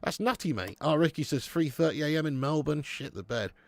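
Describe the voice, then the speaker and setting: Gravelly-voiced man in his thirties. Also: on the high side, expressive, brisk. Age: 30s. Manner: laid-back banter, swears, calls viewers "mate" and "lad". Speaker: football watch-along host. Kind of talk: live watch-along chat, reading viewer comments.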